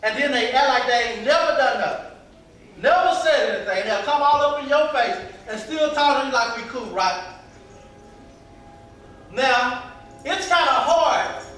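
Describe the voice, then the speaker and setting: A high, bright-voiced man preaches to young people in a loose, conversational way, acting out the voices of people in his stories. He is heard from some distance in a very echoey hall, with faint noise underneath. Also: lively intonation, unhurried, pauses often. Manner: conversational preaching, acts out quotes. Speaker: youth pastor. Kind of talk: preaching to youth.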